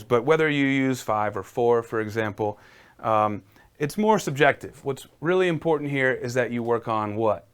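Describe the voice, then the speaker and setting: A man's voice: mid-range voice, clean tone. A man teaching a casual live-streamed piano lesson, encouraging and talking viewers through exercises.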